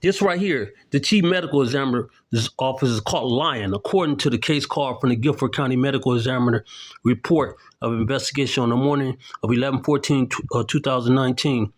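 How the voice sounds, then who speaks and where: A middle-aged man giving emphatic, accusatory commentary to camera, walking through documents and often asking "okay?". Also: mid-range voice. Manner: indignant, accusatory, keeps tagging "okay?"; explains while showing documents to the camera. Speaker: independent video commentator.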